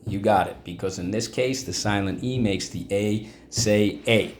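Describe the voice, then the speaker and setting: A man's voice: fairly low pitch, normal speed, slight background noise. A male teacher giving a vocabulary and phonics lesson, encouraging and checking in often with the class. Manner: encouraging, checks in with frequent "okay?".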